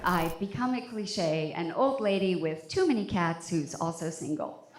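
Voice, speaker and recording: A woman's voice: on the low side, animated, moderate pace, heavy background noise. A woman doing live stand-up in a wry, self-deprecating manner. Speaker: stand-up comedian. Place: comedy club stage. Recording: echoey room with audience.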